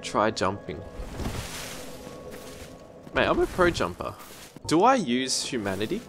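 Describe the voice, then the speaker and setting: Aussie bloke doing let's-play commentary, jumpy voice, drawn-out slow talk, keeps yelling and swearing at the game. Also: male voice, medium pitch, faint music behind. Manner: excitable, yelps and swears at the game. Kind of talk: gameplay commentary.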